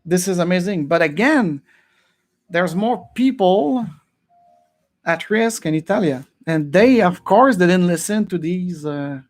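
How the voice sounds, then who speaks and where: High-voiced man. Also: unhurried. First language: French. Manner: animated, chuckling, slips into French phrases. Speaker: podcast host. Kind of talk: casual group chat. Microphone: video call.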